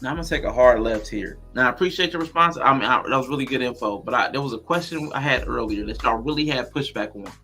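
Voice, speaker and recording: Bright-voiced questioning male host. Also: mid-range voice, fast, few pauses, soft background music. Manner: thoughtful, questioning, shouts out viewers. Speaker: podcast host. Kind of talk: casual livestream chat.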